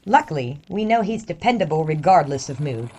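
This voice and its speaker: A woman playing a brisk newspaper editor leading a meeting, businesslike. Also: low voice, very animated, darkish tone, a little hiss or hum, poor audio. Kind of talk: audio drama acting.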